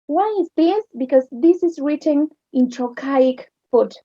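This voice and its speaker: Slow, high-voiced teacher with Argentine accent. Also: female voice, dark tone, no echo. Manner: explains slowly, checks understanding with "yes?". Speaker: English literature teacher. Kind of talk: recorded online lesson. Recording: dull lo-fi sound.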